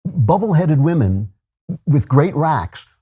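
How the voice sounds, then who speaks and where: Warm husky older male commentator. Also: a little high, big pitch swings, takes it slowly. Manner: sardonic, chuckling asides. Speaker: political commentary host. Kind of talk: opinionated monologue.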